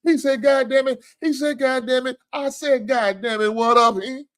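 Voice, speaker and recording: A man's voice: extremely high pitch, fairly even intonation, moderate pace, fairly bright tone. A man hosting a casual sports talk livestream, joking, swearing freely and thanking viewers for donations. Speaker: sports talk show host.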